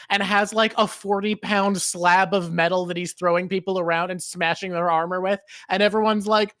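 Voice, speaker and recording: A man's voice: high voice, flat delivery, moderate pace, few pauses, a bit bright, no echo, clean studio sound. A man co-hosting a book club stream, rambling casually and swearing freely. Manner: rambling, swears freely, does silly voices. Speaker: streamer co-host. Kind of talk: casual chat.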